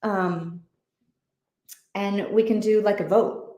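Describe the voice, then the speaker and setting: A woman's voice: medium pitch, fairly even intonation, slow, dark tone, echoey room, highs cut off. A woman hosting an online reading group, chatting casually and thinking aloud with many fillers. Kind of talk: casual livestream chat.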